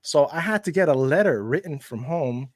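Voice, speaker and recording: A man's voice: normal speed, no echo, studio quality. A man who is a guest on a casual podcast, telling a story expressively. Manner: expressive storyteller, swings his pitch widely.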